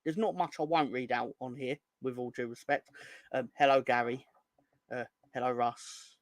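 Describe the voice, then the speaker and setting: A man's voice: medium pitch, steady tone, moderate pace, no room sound, clean studio sound. A young man hosting a fan live stream, ranting in an exasperated, sweary way and reading out chat hellos. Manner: exasperated, sweary, rising into angry outbursts. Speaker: fan channel host.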